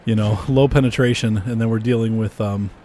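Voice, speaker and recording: A man giving casual gameplay commentary in a relaxed, chuckling manner. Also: on the low side, brisk, slight background noise. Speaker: game commentator.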